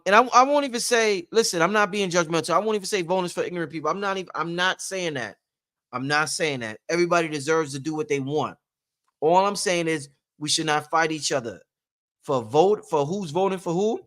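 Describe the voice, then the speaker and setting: A man's voice: a little high, sharp tone. A man hosting a casual livestream who gives rambling, preachy motivational talk and repeats his points for emphasis. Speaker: livestream host.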